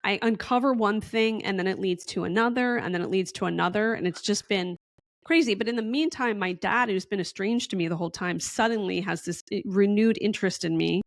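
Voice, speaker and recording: A woman's voice: medium pitch, a little fast, no room sound. A woman guest in a casual podcast interview, telling a long story in a chatty, rambling way and acting out the dialogue.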